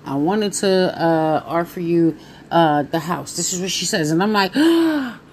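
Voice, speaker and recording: A woman in her thirties telling viewers a personal story in a casual, animated way, talking straight to them. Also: fairly low pitch, moderate pace, slight background noise.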